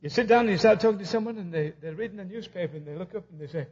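A man's voice: high-pitched, very fast, darkish tone. A man preaching a humorous sermon who tells stories and acts out both sides of conversations. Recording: dull lo-fi recording.

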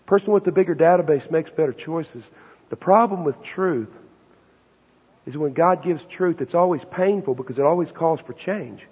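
High-voiced husky preacher man. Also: brisk. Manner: emphatic, conversational preaching with rhetorical questions. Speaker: pastor. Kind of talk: sermon. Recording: dull, reverberant hall recording.

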